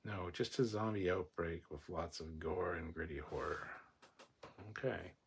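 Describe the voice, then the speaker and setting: Man, livestream host, husky, lowish voice, rambling, swears freely, off-the-cuff chat. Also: unhurried. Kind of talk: casual livestream chat reading viewer comments.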